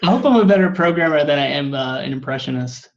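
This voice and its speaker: A man's voice: a little high, expressive, fast talker, muffled recording. A male coding instructor giving a classroom lecture, rambling with many filler words.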